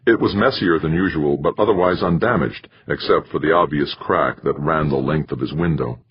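A man reading a novel aloud as a narrator, in a steady, even storytelling manner. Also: very deep voice, moderate pace, noisy background. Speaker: audiobook narrator. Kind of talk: scripted narration. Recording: muffled lo-fi recording.

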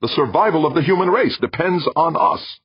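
A man voicing a lanky, alarmist male diplomat who talks in a shrill, insistent, accusing way. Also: expressive, a little fast, breathy edge, no room sound. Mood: strident. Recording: dull lo-fi, dry.

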